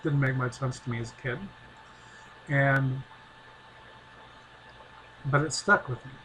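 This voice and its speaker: Brief: middle-aged man, rambling storyteller, average pitch, soft and hesitant. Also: steady tone, slow pace, slight background noise, low-quality recording. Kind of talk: casual personal storytelling.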